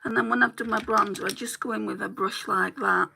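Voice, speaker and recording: A woman's voice: medium pitch, fairly even intonation, a little fast, vocal fry, noisy background. A woman beauty YouTuber chatting casually while doing her makeup, rambling and laughing easily as she talks.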